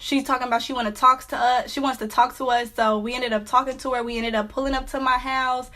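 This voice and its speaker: Teen girl vlogger, slightly high voice, casual storytime chatter with lots of fillers. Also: steady tone, fast talker, bright, forceful tone. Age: teens.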